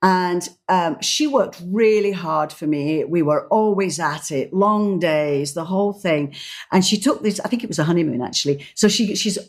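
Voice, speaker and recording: Animated woman co-hosting a podcast. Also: on the low side, moderate pace. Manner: animated storyteller, acts out quoted voices. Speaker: podcast co-host, decorator. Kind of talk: casual chat.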